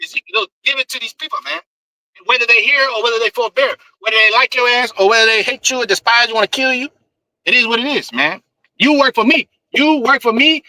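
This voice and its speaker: A man with a high, very bright voice delivers a fiery street sermon. He mixes scripture with profanity and keeps repeating "man" for emphasis. The sound is close and dry. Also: dry recording, low-quality recording. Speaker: street preacher.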